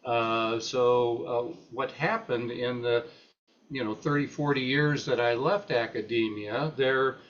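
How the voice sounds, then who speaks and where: A man's voice: mid-range voice, fairly even intonation, fairly bright tone. Older male retired academic, unscripted, hesitant, lots of "uh", slightly dull lo-fi audio. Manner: halting, many fillers and restarts. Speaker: retired professor presenting at a meeting. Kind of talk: unscripted talk.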